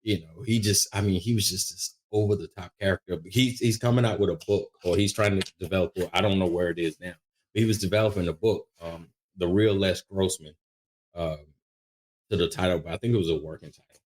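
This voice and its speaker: A middle-aged man, a veteran and media producer, telling a lively story as a podcast guest, often restarting his sentences as he goes. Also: deep voice, brisk. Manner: animated, lively anecdote telling with frequent restarts. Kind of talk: casual storytelling in an interview.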